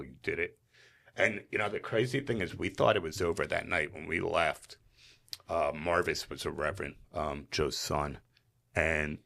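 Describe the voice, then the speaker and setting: A man from New Jersey, a podcast guest, telling a story in earnest, animated style with frequent fillers. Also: extremely low pitch, vocal fry. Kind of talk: emotional storytelling in conversation.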